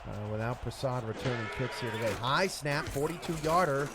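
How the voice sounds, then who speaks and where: A man calling the plays in esports football commentary, rising to shouts on big plays. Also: mid-range voice, brisk, music in the background. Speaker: play-by-play commentator.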